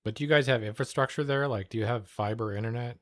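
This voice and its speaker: A man's voice: medium pitch, fast talker, no room sound, clean studio sound. A man hosting a livestream, chatting casually and cursing offhandedly while he reacts to videos. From United States. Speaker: streamer host.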